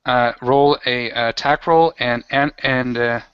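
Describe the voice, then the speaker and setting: Man, game master, tabletop game, halting explanations, dry, dull lo-fi sound. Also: mid-range voice, steady tone, clean tone, no room sound. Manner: halting, filler-heavy explaining. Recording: dull lo-fi home recording.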